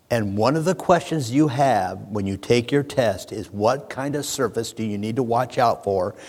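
A male pastor delivers a sermon, speaking straight to the congregation. His voice drops low and soft, then rises to a booming pitch. Long reverb from the hall trails after every phrase. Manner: storytelling that swings from hushed to booming; addresses the congregation directly. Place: church sanctuary.

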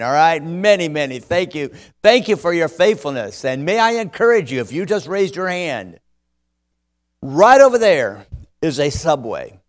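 A man preaching as a visiting speaker, joking and poking fun at himself as he stumbles over his words and grows louder and livelier. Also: fairly high pitch, normal speed. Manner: jokey, self-deprecating, stumbling over words; growing louder and more animated as he goes. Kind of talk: sermon with humorous asides.

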